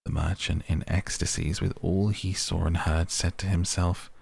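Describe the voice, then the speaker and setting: A man narrating a bedtime story as the host of a sleep podcast, in a gentle, measured reading. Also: low voice, little pitch movement, creaky, slightly rough, no echo.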